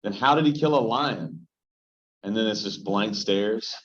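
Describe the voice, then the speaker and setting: A man teaching a Bible study as pastor, joking and animated as he tells stories and puts questions straight to the small group in front of him. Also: fairly low pitch, measured pace. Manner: joking, animated storyteller who addresses the group directly. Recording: dull, lo-fi sound.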